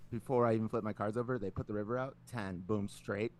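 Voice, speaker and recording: A man's voice: lowish voice, steady tone, fast talker, a little mellow. A man co-hosting a podcast, telling a long story in casual chat, rambling with many filler words and frequent swearing. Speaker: podcast co-host.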